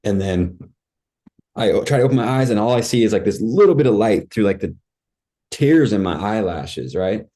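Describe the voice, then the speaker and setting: A man's voice: fairly low pitch, expressive, moderate pace, warm tone. A man, a podcast guest, recounting a personal experience in casual, vivid storytelling, acting out his own cries and saying "like" and "dude" often.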